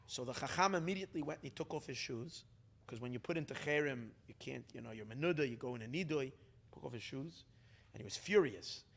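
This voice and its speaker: A rabbi tells a story to a gathering in an animated way, often restarting and sprinkling in Hebrew and Yiddish terms. His voice is medium-pitched, fast and gravelly.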